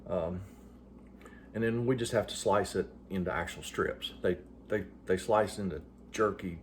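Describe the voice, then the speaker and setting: A middle-aged man with a drawl chats casually to his channel, folksy and joking, full of "uh"s. His voice sits low, with a faint hum in the background. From West Virginia. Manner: folksy, joking, many fillers. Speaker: vlogger. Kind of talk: casual vlog talk.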